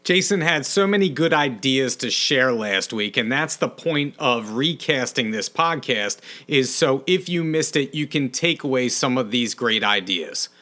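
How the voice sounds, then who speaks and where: Bright-voiced man hosting a podcast. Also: medium pitch, expressive, a little slow, hardly any pauses. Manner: encouraging, reassuring. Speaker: podcast host. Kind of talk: podcast outro.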